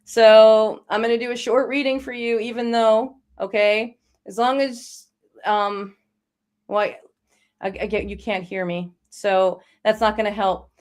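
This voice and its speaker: A woman with a high voice hosts a live psychic reading show. She talks to her guests in a reassuring, encouraging way. She speaks informally and chattily. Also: fairly even intonation, a little slow, darkish tone. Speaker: psychic medium host.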